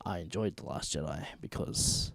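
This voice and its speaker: A man's voice: a bass voice, normal speed, vocal fry, no echo. A man hosting his own video, ranking films in a blunt, emphatic, profane casual rant. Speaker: vlog host ranking films.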